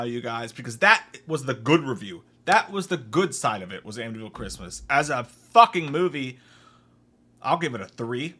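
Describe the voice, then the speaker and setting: A man's voice: mid-range voice, normal speed, husky. A young man hosting a comedic movie review, ranting with heavy swearing and mocking impressions of the characters. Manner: profane, animated, mocking impressions.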